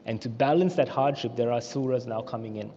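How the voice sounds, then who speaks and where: A man's voice: mid-range voice, a little fast, slight background noise. Australian man teaching in an echoey mosque hall. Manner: animated storyteller acting out quotes. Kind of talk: storytelling religious lesson. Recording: echoey hall, muffled lo-fi sound.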